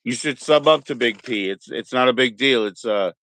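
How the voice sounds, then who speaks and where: A man's voice: mid-range voice, normal speed, hardly any pauses, fairly bright tone, dry recording. A man in his thirties hosting a livestream, rambling and joking crudely in a casual chat. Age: 30s. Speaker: streamer host.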